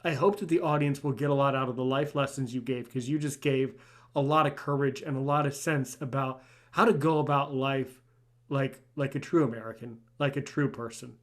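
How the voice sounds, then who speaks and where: A man's voice: medium pitch, fairly even intonation, fairly quick. A man hosting a podcast interview, chatting casually and enthusiastically, joking and repeating words as he starts sentences. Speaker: podcast host.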